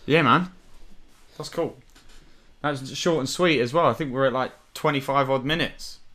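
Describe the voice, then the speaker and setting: A young man hosting a podcast, chatting casually and relaxed with plenty of slang. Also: medium pitch, moderate pace. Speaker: podcast co-host. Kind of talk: casual chat. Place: home, remote call.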